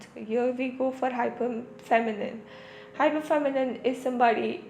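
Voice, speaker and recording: A woman hosting a podcast, talking in a rambling, reflective way full of fillers and restarts, and easing into a slow, soothing tone. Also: a little high, a little mellow, reverberant. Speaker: podcast host. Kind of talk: reflective spiritual talk.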